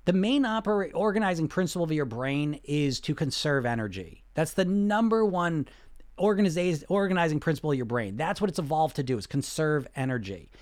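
A man's voice: a little high, lively intonation, fairly quick, a little mellow. A man talking as a weight loss coach in a casual way, blunt and full of rhetorical questions, often laughing. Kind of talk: casual coaching talk to viewers.

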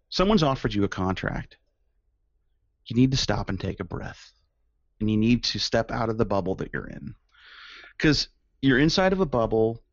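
A man co-hosting a podcast in casual chat, animated and profane, often acting out quoted people in silly voices. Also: fairly low pitch, no echo, muffled recording. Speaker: podcast co-host.

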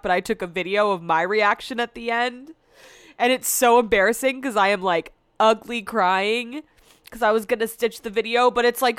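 A woman's voice: a little high, fairly bright tone, clear, resonant tone, dry recording. Chatty, foul-mouthed young woman. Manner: rambling, swears freely, chatty. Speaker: podcast host. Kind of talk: casual solo chat.

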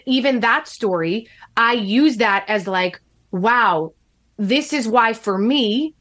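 A woman telling a personal story on a podcast in casual chat, animated, acting out the quoted lines. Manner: animated, acts out quotes with shifting pitch. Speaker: podcast guest.

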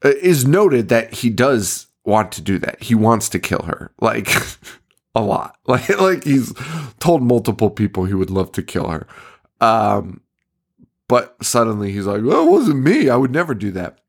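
A man's voice: on the low side, expressive, measured pace. A man co-hosting a horror podcast in casual, profane chat, laughing often as he retells movie scenes. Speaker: podcast co-host.

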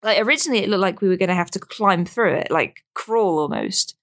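A woman co-hosting a podcast, chatting casually and telling stories in a giggly, animated way. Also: medium pitch, a little fast. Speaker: podcast co-host. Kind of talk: casual chat.

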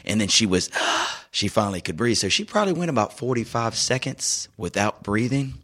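A man and youth soccer coach chatting casually as co-host, telling a story with lively acted-out quotes. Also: lowish voice, a little fast. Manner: animated storyteller, acts out quoted voices. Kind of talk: casual chat.

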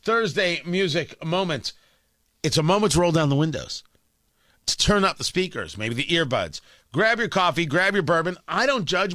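Lively, animated male radio host. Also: a little high, moderate pace, no echo, studio quality. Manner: animated, wry, rambling asides. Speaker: radio talk show host. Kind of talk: talk radio monologue. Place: radio studio.

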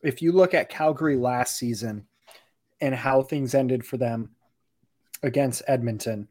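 This man co-hosts a casual sports chat. His voice sits at an ordinary pitch for a man. He lays out his points in a steady, analytical way. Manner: measured, analytical, fond of "you know". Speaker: podcast co-host, hockey analyst.

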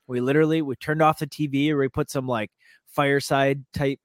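A man's voice: medium pitch, fairly even intonation, fairly quick, dry recording. Podcast co-host, man, mid voice, dry close mic, matter-of-fact. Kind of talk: casual chat.

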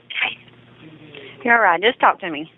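A woman working as a 911 dispatcher, speaking calmly and reassuringly to a hurt caller. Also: mid-range voice, normal speed. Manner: calm, reassuring, steady. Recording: tinny phone line recording.

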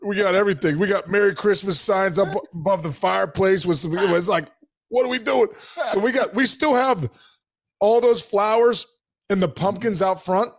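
A male co-host with a slightly raised pitch, chatting loosely on a podcast. He strings stories together with lots of "dude" and "like". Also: normal speed. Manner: rambling storyteller, says dude a lot. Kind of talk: casual sports podcast banter.

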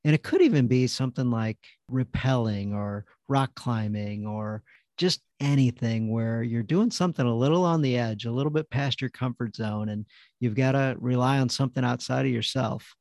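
A man's voice: mid-range voice, normal speed, darkish tone, no echo, clean studio sound. A man hosting a podcast, chatting in a casual, affirming way. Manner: affirming, conversational. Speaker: podcast host.

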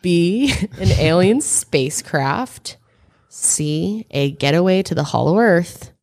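A woman's voice: fairly low pitch, lively intonation, slow pace, darkish tone. A woman co-hosting a casual podcast quiz, blunt and joking as she reads questions and argues answers. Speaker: podcast co-host. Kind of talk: casual quiz game chat.

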